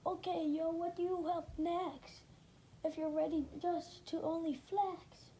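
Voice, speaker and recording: A woman's voice: high voice, unhurried, warm tone, slight background noise. A woman voicing a cocky male ninja mentor who raps and says "yo" and "bro". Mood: swaggering. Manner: rhyming, slangy "yo" and "bro" talk.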